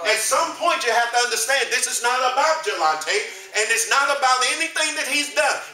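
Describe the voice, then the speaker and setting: A man's voice: very high-pitched, lively intonation, a little fast, pushed and bright. A man teaching a Sunday school lesson in a preaching style, posing questions and leaving blanks for the class to call out. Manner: call-and-response, leaves blanks for the class to fill. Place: church hall. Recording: roomy echo, mic from a distance.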